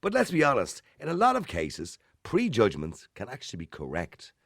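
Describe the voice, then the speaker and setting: A man's voice: mid-range voice, huge pitch swings, moderate pace, vocal fry, fairly bright tone, slightly rough, no echo, studio quality. A man with a Dublin accent hosting late-night talk radio, chatty and opinionated, often putting questions to listeners. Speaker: radio talk show host. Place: radio studio. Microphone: studio microphone.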